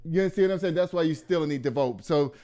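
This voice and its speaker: A man from Texas, hosting a casual commentary show in an animated, profane and mocking way. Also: fairly high pitch, brisk. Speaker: host.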